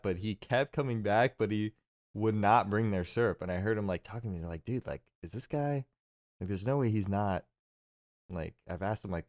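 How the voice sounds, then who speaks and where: A young man telling a long story in casual podcast chat, with lots of fillers and laughs. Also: fairly low pitch. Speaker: podcast co-host.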